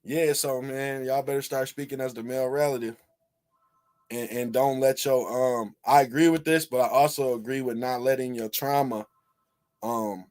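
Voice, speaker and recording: A man from Michigan giving casual, animated reaction commentary, firing off repeated rhetorical questions and swearing freely. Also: mid-range voice, normal speed. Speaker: video commentator.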